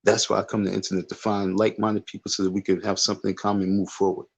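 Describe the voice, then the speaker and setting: A live streamer rants casually, his fairly low, gravelly voice kept level as he talks very fast. He is emphatic and repetitive, dragging out his insistence in a dismissive way.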